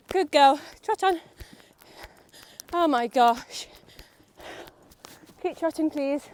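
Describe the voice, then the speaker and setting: This young woman's voice sits high and moves slowly, with long pauses, as she vlogs from horseback in an outdoor riding arena, casually and nervously talking to her horse and viewers.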